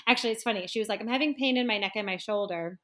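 A woman's voice: medium pitch, rapid-fire. A woman in her thirties, a massage and yoga therapist, chatting casually on a podcast and acting out her clients as she tells stories. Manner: animated storyteller, acts out clients' voices.

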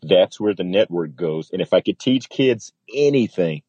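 Male guest, military pilot, low husky voice, lively storyteller who acts out the quotes. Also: moderate pace, dry recording, dull audio. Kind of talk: storytelling in a casual interview.

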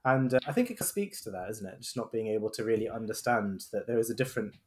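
A man's voice: lowish voice, fast talker. A man co-hosting a podcast, talking thoughtfully and often restarting his sentences. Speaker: podcast co-host. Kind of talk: casual podcast chat.

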